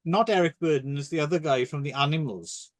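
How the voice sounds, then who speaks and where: A man with a slightly high voice chats casually about films on a podcast. He rambles, restarts sentences and drifts into jokey, crude stories. The sound is dry and close, with no room around it. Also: a little fast, no room sound. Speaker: podcast co-host. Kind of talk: casual film chat.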